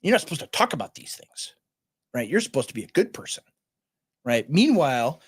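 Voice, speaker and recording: A male podcast host in casual political chat, animated and constantly tagging his points with "right?". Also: medium pitch, brisk, husky. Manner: animated, keeps asking "right?".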